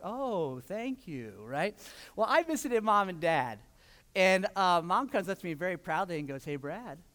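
A man preaching a sermon as pastor, telling stories and acting out quotes with lively energy. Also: a little high. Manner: animated storytelling with acted-out quotes. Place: church sanctuary. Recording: long hall reverb.

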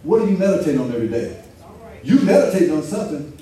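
Pastor, male, high but mellow tone, easygoing preaching, picked up from afar in a roomy church. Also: very animated. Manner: conversational preaching, reads scripture slowly. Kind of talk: sermon. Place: church sanctuary. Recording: echoey room from far off, faint ambience.

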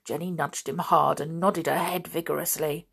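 Gravelly woman reading a children's story. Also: low voice, normal speed. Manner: steady, storytelling. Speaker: narrator. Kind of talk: reading a children's novel aloud.

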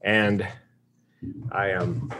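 A man in his fifties from the United States, telling a personal story in a public talk with comic timing and deadpan asides. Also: sits low, drawn-out words, slight background noise. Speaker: speaker.

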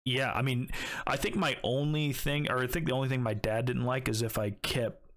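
A man's voice: medium pitch, steady tone, moderate pace, fairly bright tone. A young man co-hosting a podcast, telling crude stories in casual chat with lots of laughing. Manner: crude, laughing, storytelling with put-on quotes. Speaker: podcast co-host.

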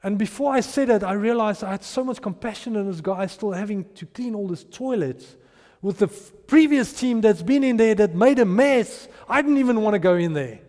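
A man's voice: high voice, lively intonation, moderate pace, darkish tone, big-room sound. A man preaching a sermon and acting out the people in his stories. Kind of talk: sermon with storytelling.

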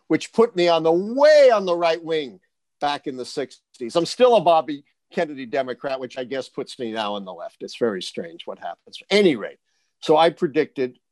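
An older man from the United States, a guest election forecaster, answering in a lively storytelling way with punchy asides. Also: medium pitch, no echo.

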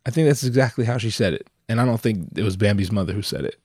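A man's voice: mid-range voice, fast talker, hardly any pauses, darkish tone, no echo, clean studio sound. A young man hosting his own podcast alone, talking in a rambling, profane, self-mocking way while he is sick and sounds a bit nasal. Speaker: solo podcast host. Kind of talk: rambling casual monologue. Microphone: headphones and microphone.

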